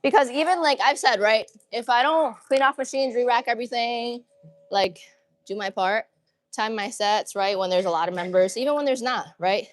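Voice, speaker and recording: In a casual livestream from an empty gym, a woman works out while saying hello to her viewers and chatting with hyped, slangy energy. Her voice sits on the high side at a moderate pace.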